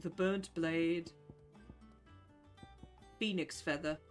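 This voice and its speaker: A casual streamer talking through a game session at a middle pitch, chatty and loose with swear words. Soft game music plays faintly behind the voice. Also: steady tone, extremely slow. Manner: chatty, sweary, reads game text aloud. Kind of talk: casual live gameplay chat.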